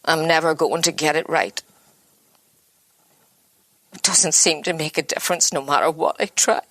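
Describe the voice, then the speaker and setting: An actress playing an exhausted, abused mother who blames herself, speaking in a halting, broken inner monologue. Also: low voice, a bit bright, dry recording. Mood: weary. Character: exhausted, self-blaming abused mother, worn down. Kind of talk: dramatic monologue.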